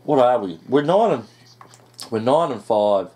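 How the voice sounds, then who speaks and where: Man, gameplay commentary, lively swooping pitch, excitable and swearing. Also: unhurried. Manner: excitable, swears and groans at setbacks. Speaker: gaming YouTuber.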